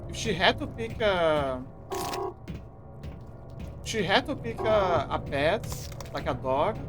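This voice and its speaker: A man talks casually while he streams a game, wandering through his thoughts with frequent restarts and fillers. His voice sits high and swings widely in pitch. Game music plays clearly beneath him. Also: expressive, slow. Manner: rambling, many restarts and filler. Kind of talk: casual gameplay commentary.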